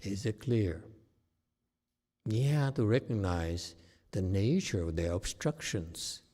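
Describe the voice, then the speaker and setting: A male meditation teacher giving a dharma talk, emphatic and often checking with his listeners whether his point is clear. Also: fairly low pitch, animated, slow, mellow.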